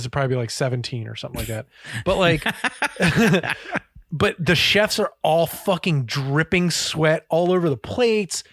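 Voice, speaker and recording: A man co-hosting a podcast, telling a story casually and swearing freely in an animated way. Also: on the high side, no echo. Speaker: podcast co-host. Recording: dry close-miked podcast audio.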